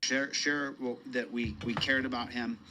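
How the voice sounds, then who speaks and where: A man's voice: mid-range voice, little pitch movement, unhurried. Rambling male livestreamer, faint background hiss. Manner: rambling, repeats himself, greets viewers. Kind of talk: casual live stream chat.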